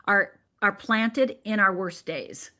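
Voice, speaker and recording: This is a woman from Michigan, a guest life coach on a radio show, who tells a personal story with vivid drama. She acts out the voices of the people in it as she goes. Her voice sits at a middle pitch for a woman. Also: slow, pushed and bright.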